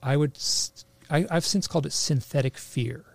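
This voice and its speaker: A man telling a personal story in a casual, halting way, full of restarts, animating the voices he quotes. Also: a little high, gravelly, no echo. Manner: animated, acts out quoted lines.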